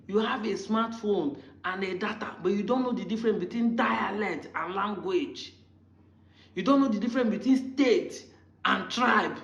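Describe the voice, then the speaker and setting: A commentator from Nigeria speaks with a Nigerian English accent, pressing a heated argument through strings of rhetorical questions. The voice sits at a middling pitch. The recording carries a roomy echo and a somewhat muffled, dull tone. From Nigeria, Igbo. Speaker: online commentator.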